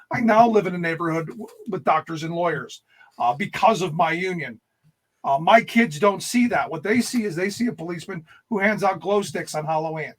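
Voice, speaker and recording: Husky high-pitched man, blunt and emphatic. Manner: emphatic, blunt, rising to near-shouts. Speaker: guest, political radio host. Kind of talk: political discussion.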